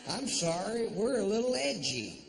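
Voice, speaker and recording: A man doing a drawling, profane stand-up comedy routine, rising to shouted punchlines on a theater stage. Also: high-pitched, huge pitch swings, normal speed, gravelly, noisy background. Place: theater stage before a live audience.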